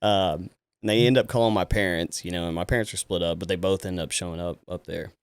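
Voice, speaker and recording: A man from Texas, a police officer guest on a podcast, telling a story in a casual, animated way, often laughing and acting out the people he quotes. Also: sits low, fairly quick, smooth, dry recording.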